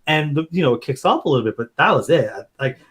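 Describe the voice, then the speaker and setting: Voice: mid-range voice, expressive, fast talker, a bit bright, breathy edge. A podcast co-host chatting casually in a blunt, sarcastic, profane way. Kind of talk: casual chat.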